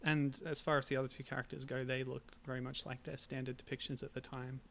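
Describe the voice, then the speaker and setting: Brief: male co-host, gravelly voice, easy chatty delivery. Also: medium pitch, flat delivery, fast, fairly bright tone, a little hiss or hum. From Australia. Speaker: podcast co-host. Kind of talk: casual chat.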